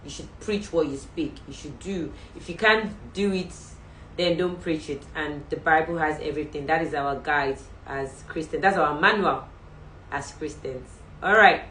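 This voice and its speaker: A woman's voice: low-pitched, normal speed, fairly bright tone, recorded from a distance. A Nigerian woman hosting a faith show, giving earnest, chatty exhortations as she signs off a livestream. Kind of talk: livestream sign-off talk. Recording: roomy, off-mic, faint background hum.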